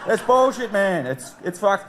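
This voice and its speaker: A young Australian man with a high voice doing a stand-up set. He swears and grumbles in a self-deprecating way. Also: very animated, a little slow. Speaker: stand-up comedian.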